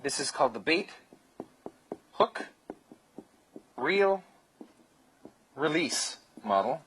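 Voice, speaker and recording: This seminar instructor talks extremely slowly in a husky, slightly high, fairly bright voice that's very animated. His live, anecdote-filled lecture is loose and jokey, with acted-out dialogue and offhand swearing, and the recording is rough.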